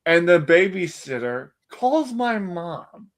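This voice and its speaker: A man's voice: high voice, big pitch swings, takes it slowly. Chatty man telling a rambling story. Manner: rambling, laughs often, acts out quotes. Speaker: stream co-host telling a story. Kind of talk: casual storytelling chat.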